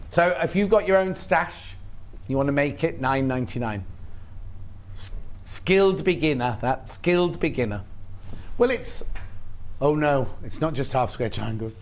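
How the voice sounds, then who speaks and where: A British man presenting on a live shopping channel, chatting eagerly and listing products. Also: fairly high pitch. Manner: chatty, quick asides, lists products eagerly. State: has hiccups. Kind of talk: live TV sales chat.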